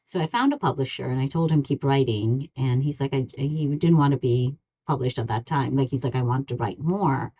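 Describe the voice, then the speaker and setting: A woman dentist, a podcast guest, telling a personal story in an earnest, steady way. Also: rumbling low, fairly quick, hardly any pauses, breathy edge, dull audio.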